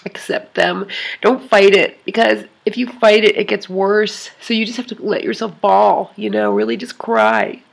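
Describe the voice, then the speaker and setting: A woman talking to her online club in an emotional confessional vlog, tearful and crying, rambling and halting with many sighs. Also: mid-range voice, steady tone, vocal fry.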